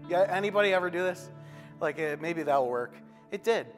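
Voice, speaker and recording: A man with a high-pitched voice preaches a sermon in a conversational, folksy way, with self-deprecating asides. His voice rings out in a hall with a long reverb tail, and soft music plays behind him. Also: expressive, normal speed. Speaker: pastor.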